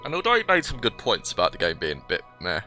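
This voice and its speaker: Chatty young man, deep voice. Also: huge pitch swings, fast, bright, forceful tone, soft background music. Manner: chatty and rambling, with restarts, and talks to the game as he plays. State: slightly ill, coughing. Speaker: gaming channel host. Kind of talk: casual let's-play commentary.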